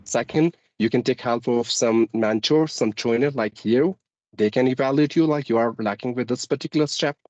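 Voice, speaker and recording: A man's voice: medium pitch, normal speed, a little mellow, dry recording, lo-fi sound. Polite Indian man with a mixed accent. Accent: Indian English with a mixed American-British lilt. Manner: polite and formal, often says ma'am. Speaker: guest, English teacher on YouTube. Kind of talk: conversational interview.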